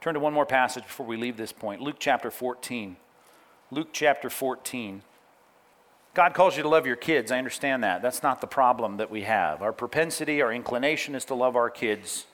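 Middle-aged male pastor, sermon, lively swooping voice, a bit high, acts out quotes. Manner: animated preaching with acted-out quotes and asides to note-takers.

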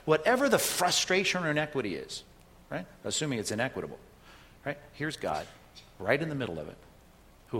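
A man's voice: on the high side, fairly bright tone. Guy preaching a sermon, chatty storytelling style, keeps saying right?, big echoey hall sound. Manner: conversational preaching with frequent "right?" asides. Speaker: pastor.

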